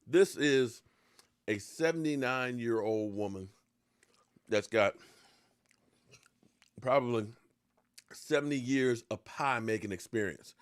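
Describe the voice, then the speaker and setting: A man hosting a sports talk show, joking and ranting as he snacks on pie. His voice drops into low mutters, then jumps up in excited outbursts. The recording is dry and close. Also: slow, long pauses, dry recording. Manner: eating pie while talking. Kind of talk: casual sports rant.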